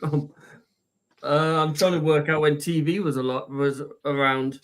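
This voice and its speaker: A British man taking part in a podcast quiz, his voice slightly high for a man. He hedges his guesses with "um"s and fires back quick jokes at the host. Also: little pitch movement. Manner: joking, hesitant guesses. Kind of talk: casual quiz banter.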